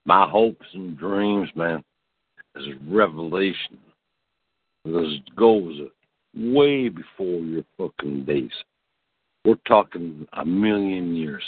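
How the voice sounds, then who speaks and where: A lower-voiced man rambles through a comedic monologue, drawling and swearing freely as he ends line after line with "man." The sound is thin and phone-like. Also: slow, breathy edge, no room sound. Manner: drawling, profane, tacks "man" onto lines. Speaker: podcast host.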